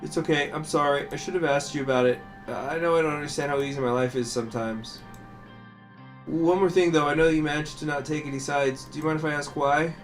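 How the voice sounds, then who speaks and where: A man voicing a curious, apologetic teenage son while reading game dialogue aloud, with earnest, rapid questioning. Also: on the high side, steady tone, soft background music, voice pushed up, lightly acted.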